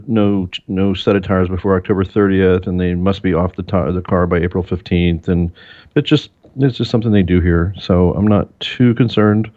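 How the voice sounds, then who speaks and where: A man with a lowish voice talks easily as an interview guest, spinning engineering anecdotes and perking up when he quotes others. The sound is thin and tinny, like a phone line. The room gives almost no echo. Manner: relaxed storyteller, animated when quoting others. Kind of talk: casual interview chat.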